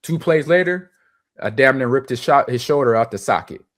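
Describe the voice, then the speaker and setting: A man's voice: mid-range voice, moderate pace. A man in his forties, a former football player, animatedly telling stories as a podcast guest. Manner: animated, acts out quotes. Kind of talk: casual storytelling chat.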